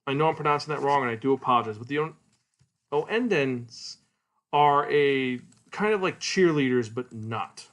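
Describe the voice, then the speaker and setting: A man hosting a podcast, retelling a comic's plot in a casual, animated way and acting out its characters. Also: medium pitch, moderate pace. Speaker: podcast host. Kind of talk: casual solo manga review.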